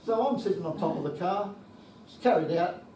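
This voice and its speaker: Expressive and fairly quick, a high, mellow-voiced Australian in his seventies recounts anecdotes to a conference audience, chuckling and swearing saltily. The hall is echoey, the mic distant, with a little hiss or hum.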